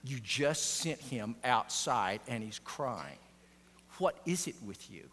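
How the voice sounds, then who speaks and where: A man voicing a mother who questions the father and gently calls her hurt son over, heard with long hall reverb. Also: mid-range voice, animated, takes it slowly, a little hiss or hum, pitched below the performer's own voice. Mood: incredulous. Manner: soft, incredulous then coaxing. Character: doubtful, tender mother comforting her son.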